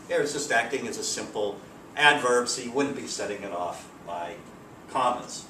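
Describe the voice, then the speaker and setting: A man teaching a grammar lesson in a relaxed, explanatory way with frequent fillers, recorded from a distance. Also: mid-range voice, a little slow. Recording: roomy, distant mic, faint background hiss.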